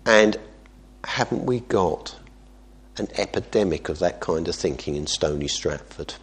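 A man preaching as a pastor, earnest, moving between quiet asides and emphatic exhortation. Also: low voice, animated, unhurried, slightly rough. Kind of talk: sermon.

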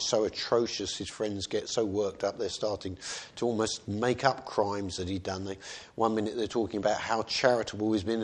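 A man preaching a sermon in a conversational way, often asking rhetorical questions. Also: lowish voice.

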